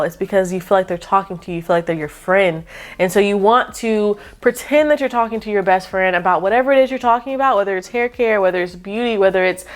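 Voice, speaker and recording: A woman giving casual tips straight to camera in her room, chatty, upbeat and animated, calling her viewers y'all. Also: mid-range voice. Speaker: YouTube coach.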